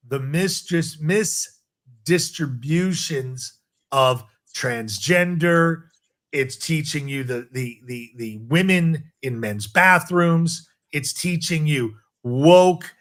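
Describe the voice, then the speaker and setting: Male podcast co-host, slightly high voice, slow measured delivery, stacks up points in lists. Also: fairly bright tone. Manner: deliberate, builds long lists. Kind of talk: political commentary.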